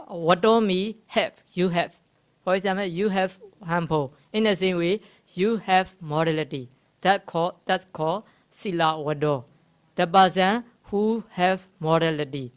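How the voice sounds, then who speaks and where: Slow, halting woman teaching Dhamma. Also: on the low side. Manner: halting, explains Pali terms slowly with many fillers; gently teasing the audience. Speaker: Buddhist teacher. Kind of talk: Dhamma talk. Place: meditation centre hall.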